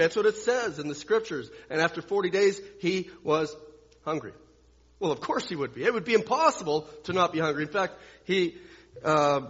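A man preaching a sermon, swinging from loud, emphatic lines to hushed ones and repeating phrases for emphasis. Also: a little high, husky. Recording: dull long-reverb hall sound.

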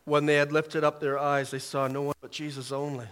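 A man preaching a sermon in short, emphatic phrases, swelling loud and dropping soft as he reads scripture. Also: on the high side, flat delivery, a little fast, clean tone, long reverb tail.

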